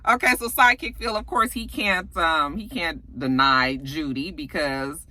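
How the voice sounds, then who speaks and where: A woman's voice: low voice, measured pace, sharp tone, no echo. A woman giving a casual recap of a TV episode. She talks bluntly and profanely, with a sassy edge, and keeps checking in with "okay?". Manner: colloquial speech, often asks "okay?". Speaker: TV episode reviewer.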